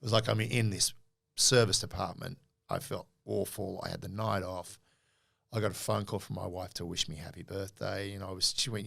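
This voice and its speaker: A middle-aged Australian man, a podcast guest, telling animated stories in a casual interview and acting out quoted dialogue. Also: deep voice, fairly quick, gravelly.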